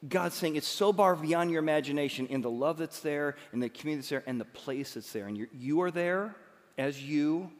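A male pastor delivering a lively sermon, joking with the crowd in quick asides. His voice sits a little high for a man. A long reverb trails every phrase, as in a big hall.

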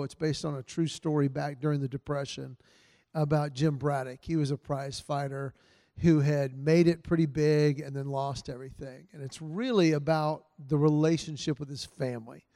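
Earnest man with a mellow voice. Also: on the high side, dry recording. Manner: earnest and heartfelt, retelling stories with soft quoted lines. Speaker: men's ministry speaker. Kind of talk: church talk to a men's group.

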